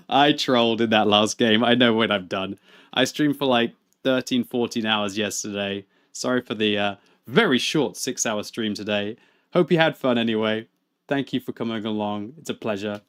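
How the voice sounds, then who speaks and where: A man, chatting and laughing through live gaming stream commentary, with excitable outbursts. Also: lowish voice, moderate pace. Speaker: game streamer.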